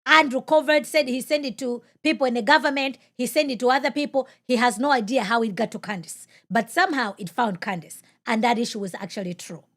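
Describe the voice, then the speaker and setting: A woman's voice: fairly high pitch, fairly quick, hardly any pauses, a bit bright. A woman hosting a live-stream podcast and reading viewer comments. She talks emphatically, fires off rhetorical questions and repeats phrases for emphasis like a preacher. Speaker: podcast host.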